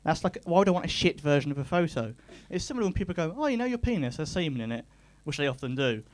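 A man doing a stand-up set, deadpan and pedantic, with a self-deprecating edge. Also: on the high side, fast. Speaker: stand-up comedian.

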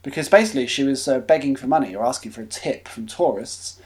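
A man's voice: medium pitch, animated, quick pace. Man reading out silly news. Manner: mock-announcer, giggly, stumbles over words. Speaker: podcast host reading news items. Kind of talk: comedic news-reading chat.

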